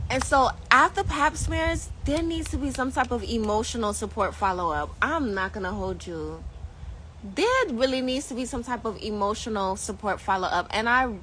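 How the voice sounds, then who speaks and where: A woman vlogger telling a casual storytime, animated and slangy, laughing often. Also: a little high, a little hiss or hum, poor audio.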